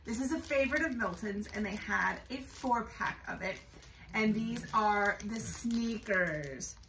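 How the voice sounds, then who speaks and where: Chatty woman with a bright voice, roomy echo. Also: unhurried, far from the mic, slight background noise. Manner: chatty and excitable, many fillers, high coos to her bird. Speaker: bird vlogger. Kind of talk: casual show-and-tell vlog. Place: room at home. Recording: roomy echo, voice a bit off-mic.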